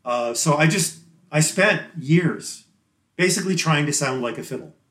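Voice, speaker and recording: A man talking as a guest musician in a casual interview, rambling and chatty and quick to laugh. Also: on the high side, animated, a bit bright. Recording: roomy echo.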